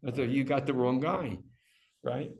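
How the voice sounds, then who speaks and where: An older man teaching an evening class, talking in an animated way with many repeated words. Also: medium pitch, normal speed, gravelly, roomy sound. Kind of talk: lecture to a class.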